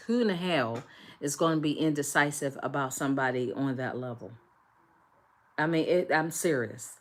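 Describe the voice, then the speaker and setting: Woman, low voice, tarot reader, emphatic, repeats herself, talks straight to the viewer. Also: a bit bright, a little hiss or hum. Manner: emphatic, repetitive, speaks directly to viewers. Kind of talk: collective tarot reading.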